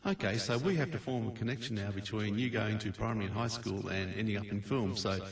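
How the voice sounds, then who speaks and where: Radio host, quick and chatty, roomy studio sound. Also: male voice, lowish voice, far from the mic. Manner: brisk, chatty interviewer. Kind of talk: radio interview.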